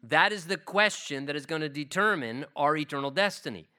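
A man's voice: fairly high pitch, animated, a little fast, pushed and bright. A man, a pastor, preaching a sermon in an earnest, emphatic way.

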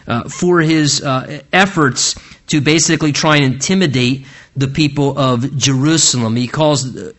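A man's voice: medium pitch, fairly bright tone. A man preaching an expository sermon, earnestly explaining scripture verse by verse, often restarting and repeating words as he goes. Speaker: pastor.

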